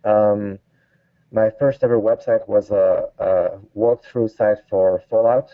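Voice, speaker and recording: A man's voice: fairly low pitch, steady tone, slow pace, no echo. A man from France with a French accent, a guest designer speaking with many hesitant fillers in a casual interview over a call. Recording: tinny phone-like line.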